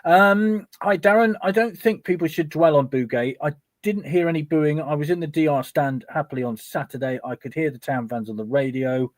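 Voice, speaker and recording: A man's voice: fairly high pitch, normal speed, no room sound. A man hosting a casual fan talk show, chatty and reading out listener messages. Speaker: host.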